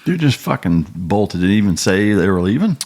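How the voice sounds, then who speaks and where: A man's voice: on the low side, very animated, a little fast, a little mellow. A man hosting a podcast, reacting with blunt, profane questions. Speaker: podcast host. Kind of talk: casual interview chat.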